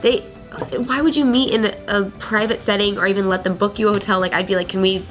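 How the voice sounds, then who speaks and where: A woman chatting casually on a news commentary panel, telling stories in an animated way. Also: medium pitch, quick pace, soft background music.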